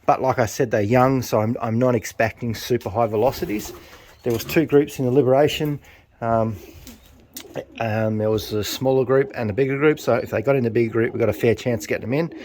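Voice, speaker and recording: A man hosting his pigeon-racing vlog, chatting casually and getting loud and excited as he cheers his birds home. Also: mid-range voice, brisk. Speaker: pigeon racer, channel host.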